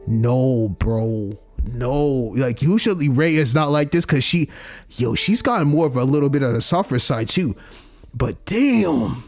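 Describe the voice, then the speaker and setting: A young man commentating on a story game, reacting loudly with slang and swearing. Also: medium pitch, expressive, a little slow, faint music behind. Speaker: gaming YouTuber. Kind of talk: let's play commentary.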